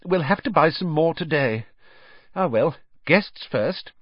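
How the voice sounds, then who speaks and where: A man voicing a fussy, doting middle-aged witch mother with an anxious, higher voice and a husky edge, on a dull, dry recording. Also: expressive, unhurried, no echo. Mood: fussing.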